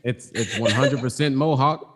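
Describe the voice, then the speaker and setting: A man's voice: medium pitch, normal speed, heavy background noise, close to an everyday voice. Pompous bragging sanitarium man, a podcast host putting him on, puffed-up and self-praising. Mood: boastful. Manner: boastful, pompous. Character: pompous self-proclaimed pure-hearted man boasting of his sanitarium.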